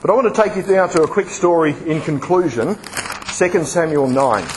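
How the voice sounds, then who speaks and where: High-voiced man preaching to a congregation. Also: a little fast, a little hiss or hum, rough recording. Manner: lively, asks the audience questions and acts out examples. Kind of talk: sermon.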